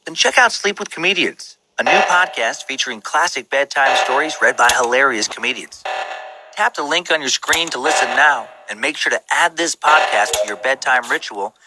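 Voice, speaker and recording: A man reading a scripted ad with smooth promotional delivery. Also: medium pitch, expressive, moderate pace. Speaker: ad announcer. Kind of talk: scripted ad read. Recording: loud background noise.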